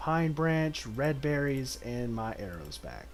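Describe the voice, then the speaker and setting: A man streaming a video game in casual commentary, reading the game's text aloud and breaking into sudden excited outbursts. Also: medium pitch, slow, faint music behind.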